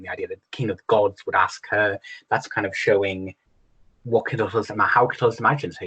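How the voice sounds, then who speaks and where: Bright-voiced teacher giving a Latin lesson. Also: male voice, on the low side, husky, low-quality recording. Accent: English. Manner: explains in a relaxed way, with frequent ums and self-corrections. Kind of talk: recorded video lesson.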